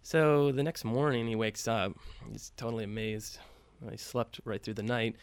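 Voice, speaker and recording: A man's voice: lowish voice, moderate pace, clean tone, no echo. A man telling a story casually, with loose profane talk and many fillers, acting out the quoted lines lightly.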